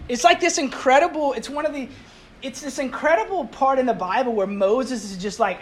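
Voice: sits high, animated, normal speed. A pastor giving a sermon to a congregation in a conversational way, asking the audience rhetorical questions and mixing in light humor.

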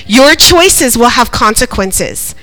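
A woman preaches a sermon, her voice bright and sitting a little high. She is animated and laughs often. She keeps asking the congregation to answer her back. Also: slow pace, faint music behind, low-quality recording. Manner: animated, laughing often, calls for audience responses.

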